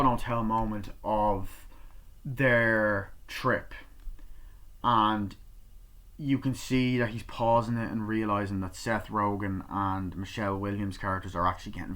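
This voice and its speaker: Young man excitedly reviewing a movie. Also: lowish voice. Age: young adult. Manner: excited, swears, acts out quoted lines. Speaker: film reviewer.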